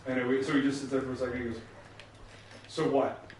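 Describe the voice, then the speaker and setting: A man's voice: mid-range voice, racing, recorded from a distance, slight background noise. A man casually telling a long tabletop game story while playing a video game, acting out the characters he quotes. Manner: animated, acts out quoted characters. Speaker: let's play co-host. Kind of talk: casual storytelling over gameplay. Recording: echoey room, off-mic.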